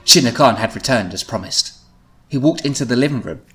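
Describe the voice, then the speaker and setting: A man's voice: mid-range voice, a little fast, pushed and bright, soft background music. A man hosting a comedic podcast, reading his old teenage writing aloud and often giggling at it. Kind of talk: comedic podcast read-through.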